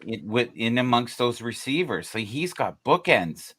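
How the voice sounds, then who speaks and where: Animated man talking football. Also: mid-range voice, measured pace, slightly rough. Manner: animated, swears, jokey asides. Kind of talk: casual sports chat.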